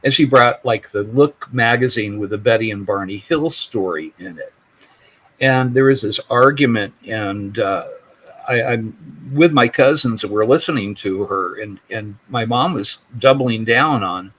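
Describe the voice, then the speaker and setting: A man's voice: mid-range voice, a little slow, a bit bright, breathy edge, poor audio. Chuckling older man telling a long story. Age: 60s. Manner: rambling, chuckling, lots of restarts and fillers. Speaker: podcast guest, UFO investigator. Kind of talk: casual storytelling in conversation.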